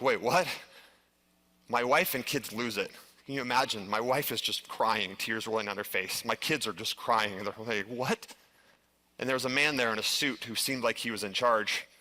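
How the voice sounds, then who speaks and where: Bright-voiced man telling a story on stage. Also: fairly low pitch. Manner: earnest storytelling with frequent "like" and restarts. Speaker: conference speaker. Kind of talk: live stage presentation.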